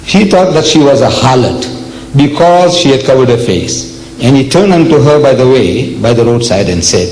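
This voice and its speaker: An older man from South Africa giving a public religious lecture, emphatic and deliberate, with rhetorical questions to the audience. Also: medium pitch, animated, a little mellow, slight background noise, poor audio. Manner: slow, deliberate delivery with dramatic pauses.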